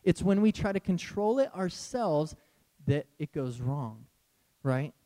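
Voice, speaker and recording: A man preaching a sermon as a pastor, animated and conversational, often breaking into laughs. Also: fairly high pitch, slow.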